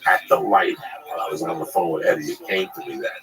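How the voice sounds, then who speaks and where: A male comedian telling crude, animated stories in casual chat, acting out the people in them. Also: sits low, fast, a crowd in the background, low-quality recording.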